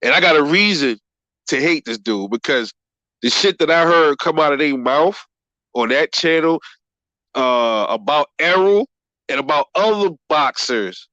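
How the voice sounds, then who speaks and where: The recording is muffled and echo-free, carrying a slightly high, sharp male voice. He hosts a boxing livestream, reading viewer comments with plenty of swearing, rambling and laughter, and calls everybody bro.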